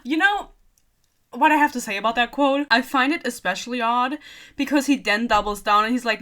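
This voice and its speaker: Bright-voiced sarcastic young woman. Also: fairly high pitch, lively intonation, a little fast. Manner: sarcastic, giggly, swears freely. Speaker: book reviewer. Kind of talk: casual ranting book review.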